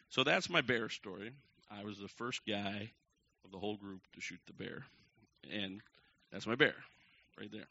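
A man telling a long personal story to a crowd from the pulpit, acting out each quoted person with sudden jumps in pitch and loudness. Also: moderate pace, creaky. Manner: animated, acts out the quoted people with big jumps in pitch and loudness. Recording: dull lo-fi recording.

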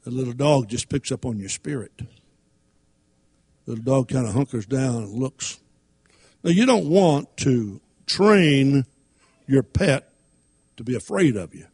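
A man's voice: medium pitch, lively intonation, a little slow, long pauses, darkish tone, slightly rough. A man preaching a sermon, reading King James scripture and using folksy everyday stories.

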